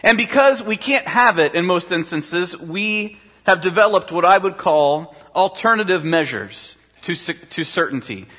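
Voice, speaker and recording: Bright-voiced pastor preaching in a hall. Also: male voice, high voice, expressive, a little slow, few pauses. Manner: conversational, asks the audience rhetorical questions. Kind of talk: sermon. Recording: long hall reverb.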